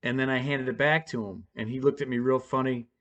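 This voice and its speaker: A man's voice: medium pitch, steady tone, brisk, fairly bright tone, lo-fi sound. A man at home telling a personal story to his camera in a rambling, profane, casual way, full of fillers and restarts.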